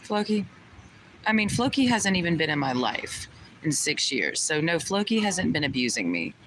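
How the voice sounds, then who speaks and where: A young woman livestreams straight to her viewers, indignant and cursing as she fires off the same questions again and again. Heavy vehicle noise rumbles loudly beneath her voice the whole time. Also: big pitch swings, normal speed. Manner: indignant, profane, repeats rhetorical questions. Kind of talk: livestream talk to chat. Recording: loud vehicle noise behind.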